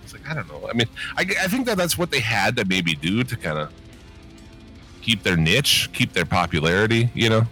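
A man's voice: on the low side, big pitch swings, fairly quick, sharp tone, faint music behind. A man co-hosting a podcast in casual chat, rambling with many fillers and frequent swearing. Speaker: podcast co-host.

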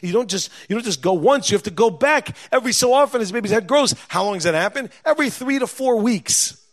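A man, a father of young children, telling a personal story in an animated way, repeating words and acting out what others said. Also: extremely high pitch, quick pace. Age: adult, father of young children. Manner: lively, acts out quoted dialogue, repeats words when excited.

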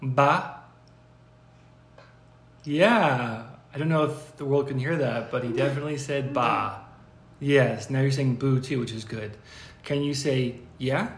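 Young dad, podcast host, gentle coaxing voice, mid pitch, echoey room. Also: male voice, normal speed. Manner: gentle, coaxing, patient prompting. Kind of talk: casual home podcast with his toddler.

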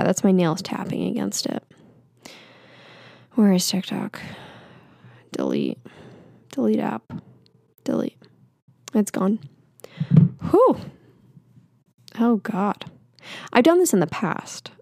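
A woman's voice: mid-range voice, creaky, dark tone, no echo, studio quality. A woman in her twenties hosting a casual solo podcast, talking candidly and self-deprecatingly with lots of fillers. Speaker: podcast host. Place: home. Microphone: podcast microphone.

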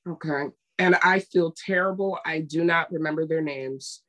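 A woman co-hosts a casual podcast chat in a low, slightly bright voice at a moderate pace. She tells stories emphatically and acts out what people said, giving each one a voice.

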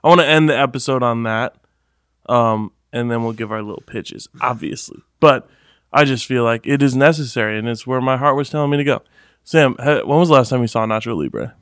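A man's voice: mid-range voice, fairly bright tone, no echo, studio quality. Chatty man co-hosting a podcast. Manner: chatty, laughing, halting restarts. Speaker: podcast co-host. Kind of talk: casual chat.

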